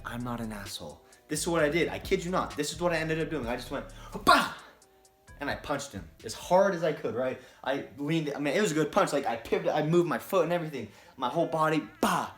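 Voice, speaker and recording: A man telling a personal story to camera in a casual, animated and profane way, often checking in with "right?". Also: fairly high pitch. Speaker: vlogger. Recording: roomy echo, faint music.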